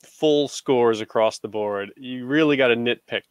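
A man's voice: medium pitch, moderate pace, clean tone. A man in his thirties, a father, chatting casually as a podcast co-host and rambling through stories with many fillers. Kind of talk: casual chat.

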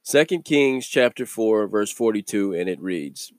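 Low-voiced man giving a casual devotional. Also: lively intonation, unhurried, no room sound, clean studio sound. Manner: conversational, chuckles between thoughts. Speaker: devotional video host. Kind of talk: casual daily devotional teaching.

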